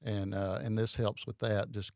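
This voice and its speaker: A man explaining a Bible study method in casual chat, halting and hesitant with many fillers. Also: lowish voice, flat delivery, gravelly, a little mellow, no room sound, clean studio sound.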